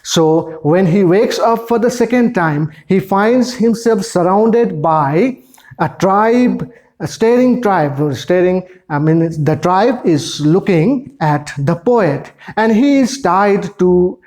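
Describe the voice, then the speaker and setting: Teacher going thru a poem real slow, keeps repeating stuff. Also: mid-range voice, lively intonation, a little mellow. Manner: slow, repetitive explaining with restarts. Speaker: English teacher. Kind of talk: classroom poem explanation.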